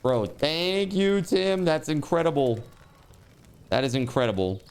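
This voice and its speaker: A man livestreaming and reading out donations in casual chat. He swears, says dude a lot, and bursts into laughter and shouting. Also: fairly high pitch, lively intonation, measured pace, clear, resonant tone. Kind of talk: live stream donation reading.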